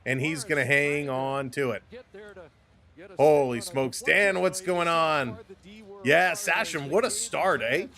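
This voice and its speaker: Canadian male livestream commentator, slightly high-pitched, energetic play-by-play with chat shout-outs. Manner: fast, excitable calls, greets chat viewers. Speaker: play-by-play host.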